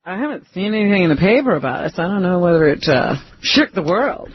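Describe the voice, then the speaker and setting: Radio co-host lady, dry quick comebacks, lively pitch, muffled radio sound. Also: breathy edge. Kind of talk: casual radio chat. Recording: dull radio broadcast.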